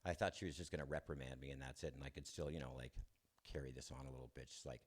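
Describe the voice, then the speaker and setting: A man's voice: extremely low pitch, fairly even intonation, husky. A man giving a candid, self-deprecating personal testimony, chuckling often and restarting his sentences. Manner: halting restarts. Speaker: speaker sharing his recovery story.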